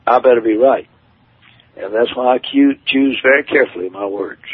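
A man's voice: mid-range voice, moderate pace, breathy edge. A man preaching his testimony in an earnest, emphatic storytelling manner. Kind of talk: testimony sermon. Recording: tinny phone-like radio broadcast.

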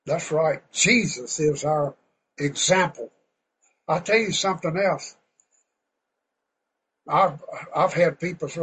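A man preaching a sermon in a folksy, fervent way, now and then getting loud. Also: fairly high pitch, takes it slowly, long pauses, a little hiss or hum, low-quality recording.

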